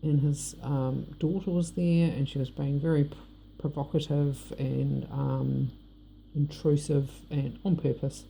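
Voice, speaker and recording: A middle-aged woman with a New Zealand accent tells a personal story straight to camera. Her voice is very dark and mellow with a gravelly rasp, and she talks bluntly and rambles. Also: low-pitched, steady tone, unhurried, a little hiss or hum. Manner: blunt, rambling, frank with swearing. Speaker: vlogger. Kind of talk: personal monologue.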